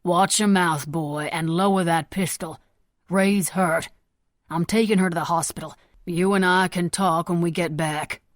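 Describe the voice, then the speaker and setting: A woman's voice: lowish voice, fairly even intonation, normal speed, dry recording, close to an everyday voice. A woman voicing a commanding male senator and father, firm and persuasive, in a dry audiobook recording.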